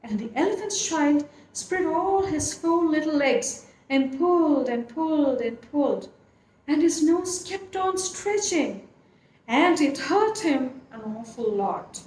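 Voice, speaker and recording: Woman storyteller, high lively voice, expressive read-aloud, echoey room, faint hiss. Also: slow pace. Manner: expressive, lilting.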